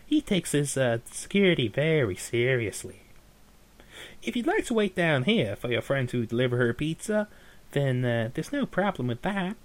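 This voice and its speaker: A man's voice: mid-range voice, big pitch swings, normal speed, natural voice. A man doing a bored, officious elf receptionist. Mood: dismissive. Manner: curt, dismissive, mock-polite.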